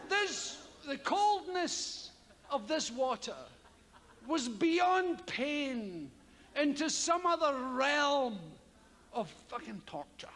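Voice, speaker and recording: A Scottish man performs stand-up in a large theater, his high voice leaping around as he spins a profane story at an unhurried pace. He breaks into sudden yelps and howls to act out the tale. The sound carries a long hall reverb over a steady hum of audience. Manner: animated, profane, loud vocal sound effects. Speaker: stand-up comedian. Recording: live hall with audience ambience.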